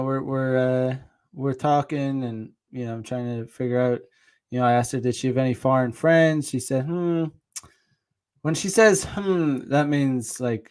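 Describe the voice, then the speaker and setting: A man's voice: medium pitch, darkish tone. A man hosting his own channel, telling a dating story in a rambling, casual monologue with frequent restarts, swearing and short laughs. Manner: reads out viewer comments. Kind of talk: casual monologue with reenacted dialogue.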